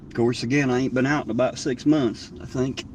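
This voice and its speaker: This livestreamer's mid-range voice is fairly even, slightly fast and a little mellow, carrying a southern Ohio drawl. He talks in a laid-back, folksy, rambling way from inside his car at night, recorded from a distance with faint road sound.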